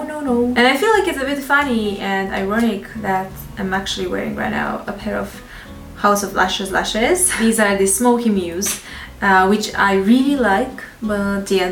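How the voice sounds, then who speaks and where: A woman with a French accent talks through her makeup picks in a frank, chatty way, often breaking into little laughs. Her voice sounds roomy and a bit distant from the mic. Faint music plays underneath. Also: medium pitch. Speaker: beauty vlogger. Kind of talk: casual product review.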